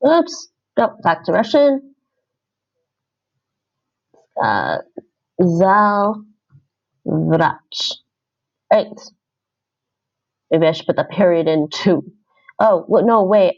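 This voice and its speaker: A woman talks her way through language-app exercises on a livestream, thinking aloud and fixing her own slips. Her voice has a gravelly fry and an unhurried pace. The stream audio sounds dull and lo-fi. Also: lowish voice, lively intonation. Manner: thinks aloud, chatty, self-correcting. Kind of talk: casual livestream commentary while doing app lessons.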